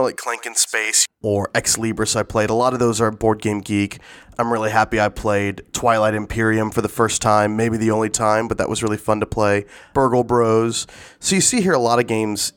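A man hosting a podcast about board games, talking in a relaxed, conversational way. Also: medium pitch, no room sound. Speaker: podcast host. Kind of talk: casual chat.

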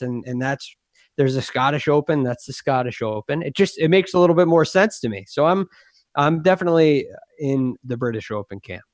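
A man from the United States speaks on a golf podcast in a somewhat higher voice. He reasons in a measured way, point by point. The sound is dry and close. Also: darkish tone, no room sound. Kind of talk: casual panel chat.

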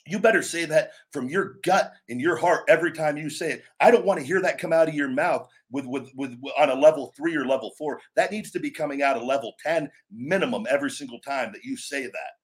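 Blunt, emphatic man talking wrestling. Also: fairly high pitch. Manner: emphatic, blunt, acts out catchphrases with shouts and drawn-out words. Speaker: podcast host and former pro wrestler. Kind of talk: opinionated casual talk.

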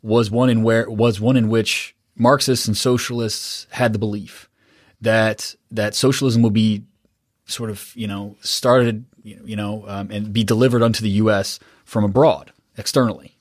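Low-voiced rambling podcast host, man. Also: level tone, unhurried, dry recording, clean studio sound. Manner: rambling, self-deprecating, lots of fillers. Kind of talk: casual interview chat.

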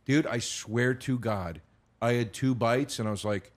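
Guest on a comedy podcast: a man of middle pitch, telling stories with voiced quotes and swearing. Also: measured pace. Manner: storytelling, acting out dialogue, swears. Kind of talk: casual podcast chat.

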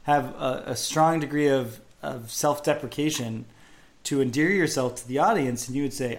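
A man's voice: mid-range voice, moderate pace. A man co-hosting a casual sports podcast, chatty and self-deprecating, working through name pronunciations. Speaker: podcast co-host.

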